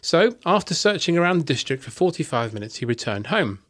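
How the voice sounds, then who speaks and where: A man's voice: fairly high pitch, brisk. Wry man narrating a story. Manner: wry, deadpan asides while narrating. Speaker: podcast host telling the story. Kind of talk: casual storytelling chat.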